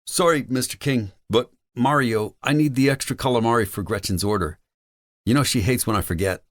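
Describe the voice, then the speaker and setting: A man voicing a young delivery kid who sounds hurried and apologetic. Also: medium pitch, dry recording, clean studio sound, pitched above the performer's own voice, natural voice. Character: young male delivery kid, anxious to please.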